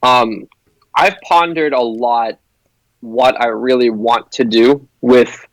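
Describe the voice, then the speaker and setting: A man's voice: mid-range voice, fairly even intonation, slow, no echo, poor audio. A young man, a broadcasting student, talking eagerly as an interview guest, with restarts and "like". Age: young adult. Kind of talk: casual interview chat.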